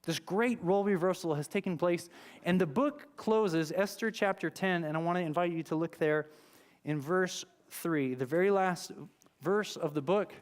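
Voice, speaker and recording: In a church sanctuary, a pastor delivers a sermon, retelling a scripture story in a conversational, dramatic way. His voice is high and his speed normal.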